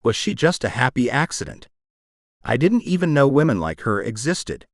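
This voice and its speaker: Male audiobook narrator, expressive first-person romance read, very lively pitch, dry close studio sound. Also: normal speed, no room sound. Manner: emotional, expressive reading.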